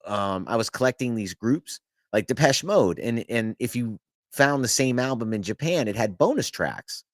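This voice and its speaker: A man's voice: mid-range voice, normal speed, dry recording, clean studio sound. A man hosting a podcast, telling a long story in casual chat, restarting sentences and cursing as he goes. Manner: animated, restarts, swears, laughs mid-story. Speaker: podcast host.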